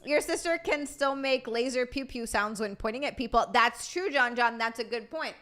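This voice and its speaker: A woman's voice: fairly high pitch, normal speed, a bit bright. A woman streamer chatting casually with her live chat, bubbly and rambling, reading messages aloud.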